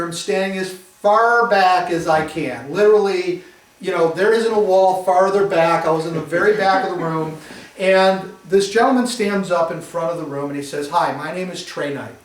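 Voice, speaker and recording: A middle-aged man from Detroit, telling his own story to a live audience in an animated, self-mocking way. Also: high-pitched. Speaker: speaker giving a testimony. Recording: roomy echo, mic at a distance.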